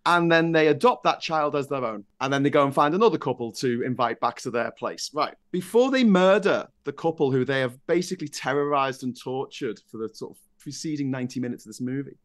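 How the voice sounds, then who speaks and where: A man's voice: medium pitch, brisk, few pauses. Guy on a chat podcast, telling a grim story with a laugh in it. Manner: animated storyteller, dark humor. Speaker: podcast co-host. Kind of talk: casual political chat.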